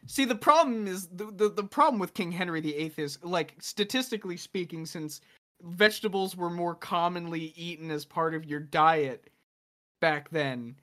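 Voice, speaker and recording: A man's voice: high-pitched, normal speed, bright, forceful tone. A man chatting on a casual podcast, joking, swearing and slipping into comic voices. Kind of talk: casual chat.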